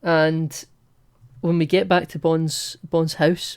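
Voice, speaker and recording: A man's voice: fairly high pitch, flat delivery, slow pace, smooth. Chatty man rambling about films. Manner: chatty, rambling, with many fillers and restarts. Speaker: podcast co-host. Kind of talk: casual film discussion.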